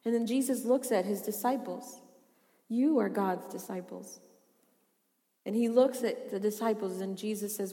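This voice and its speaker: A woman pastor preaching a sermon, swinging between loud passionate pleas and hushed asides. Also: mid-range voice, moderate pace. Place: church hall. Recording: long hall reverb.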